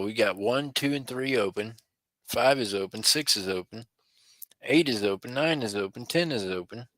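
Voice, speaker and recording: A man's voice: lowish voice, a bit bright, no room sound. A middle-aged man hosting a live online auction in a folksy, chatty way, chuckling often. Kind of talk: live-stream auction chat.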